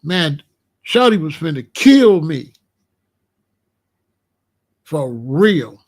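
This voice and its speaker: A man's voice: big pitch swings, extremely slow. A man, hosting a casual monologue and telling street stories in blunt, profane language. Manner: drops to low, quiet tones when recounting danger. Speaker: commentary channel host.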